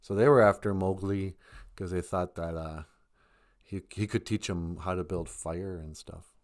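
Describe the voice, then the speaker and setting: A man in his fifties, co-hosting a live stream, telling a story in a rambling, animated way and laughing often. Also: deep voice, measured pace. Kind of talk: casual chat, storytelling.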